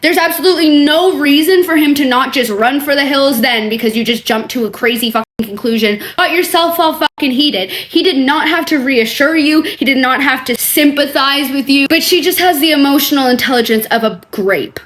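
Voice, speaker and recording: A woman's voice: sits high, fairly quick, hardly any pauses, fairly bright tone. Sarcastic, swearing woman reacting. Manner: exasperated, sarcastic, heavy swearing. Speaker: reaction video creator. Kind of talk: casual reaction commentary.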